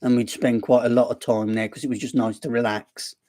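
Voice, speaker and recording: A man's voice: mid-range voice, flat delivery, fairly quick, dark tone. A man with a Black Country accent hosting a casual live stream, rambling and self-deprecating as he chats. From Black Country, West Midlands.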